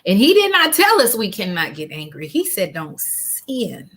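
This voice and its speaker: A woman's voice: mid-range voice, wildly swooping pitch, fairly quick, fairly bright tone, a little hiss or hum. A woman in her fifties hosting a faith-based interview from home over a video call. She speaks earnestly as a grief counselor and repeats key lines like rhetorical preaching. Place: at home with family around.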